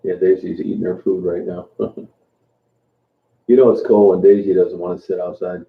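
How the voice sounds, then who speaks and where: A man hosting a casual livestream chat, greeting viewers by name and talking in a relaxed, halting way with plenty of fillers and restarts. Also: low voice, vocal fry. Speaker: livestream host. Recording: tinny phone-like sound in an echoey room.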